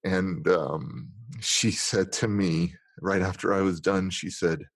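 A middle-aged man, a guest in a conversation, candidly telling a painful personal story in an earnest, emotional way, dropping low and quiet at the hardest moments and acting out his inner dialogue. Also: fairly even intonation, takes it slowly, no echo. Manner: acts out inner dialogue in different tones.

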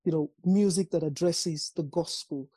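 A woman's voice: sits low, mellow, slightly rough, dry recording. A woman gospel singer chatting casually in an interview, thoughtful and trailing off as she speaks. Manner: slow, thoughtful, trails off and restarts.

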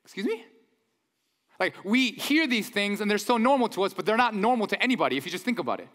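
A man preaching a sermon in a church, conversational and animated, with mock-incredulous asides. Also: high-pitched, quick pace. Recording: long hall reverb.

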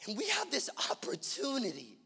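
A man preaching from a pulpit, his voice high and gravelly, impassioned and repetitive, dropping to a hush and then climbing loud. The sound carries the long reverb of a big church hall. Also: wildly swooping pitch, moderate pace. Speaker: pastor. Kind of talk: sermon. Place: church auditorium.

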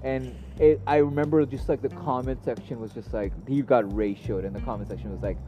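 A man's voice: mid-range voice, fairly even intonation, brisk, muffled recording, faint music behind. A man co-hosting a podcast, chatting casually with friends, joking, laughing and swearing freely. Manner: laughing, profane, jokey banter. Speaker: podcast co-host. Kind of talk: casual chat.

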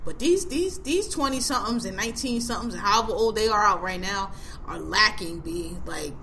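A woman's voice: mid-range voice, expressive, fairly quick, pushed and bright, a little hiss or hum. A woman in her forties hosting a podcast, ranting bluntly and with heavy profanity in casual chat. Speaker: podcast host.

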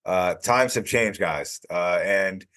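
A man co-hosting a podcast, speaking in a measured, hesitant way with many pauses. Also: low voice, a bit bright. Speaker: podcast co-host. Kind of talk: casual chat.

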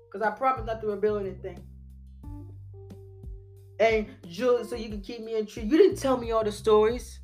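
A man's voice: very high-pitched, a bit bright. A man voicing an angry, betrayed longtime male fan who scolds and rants in slang. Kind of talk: reading an email aloud in character.

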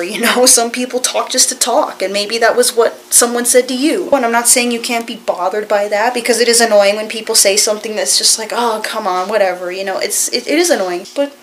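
Chatty rambling woman with a high voice. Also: slight background noise, rough recording. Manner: rambling, chatty, lots of filler phrases; earnest and reassuring. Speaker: vlogger. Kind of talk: casual chat to camera.

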